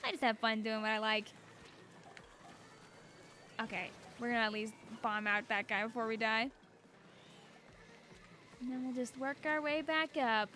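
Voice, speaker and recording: A chatty young woman talks while streaming a game, her voice high and bright. She rambles in a bubbly, casual way and laughs often. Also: a little hiss or hum. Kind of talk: casual gameplay chat.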